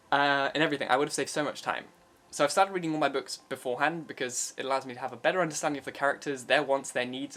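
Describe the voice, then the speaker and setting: A man's voice: a little high, bright, forceful tone. A young man, an audiobook narrator, explaining his process in a chatty, upbeat way. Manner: chatty, upbeat, with frequent fillers. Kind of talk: casual explanatory vlog talk.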